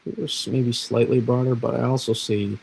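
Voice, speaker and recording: A man's voice: medium pitch, fairly even intonation, fairly quick, gravelly, a little mellow, slight background noise, low-quality recording. A man from Massachusetts, an amateur weatherman, rambling casually through forecast models on a livestream. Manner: rambling, self-deprecating, restarts often. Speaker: weather streamer.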